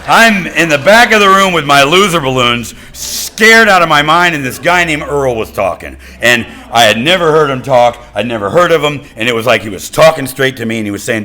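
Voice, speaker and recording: A middle-aged man telling his recovery story to a meeting, in lively storytelling with self-mocking humor that swings from quiet to loud. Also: mid-range voice, fairly quick, few pauses. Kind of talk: personal recovery talk to a meeting. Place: meeting room with audience.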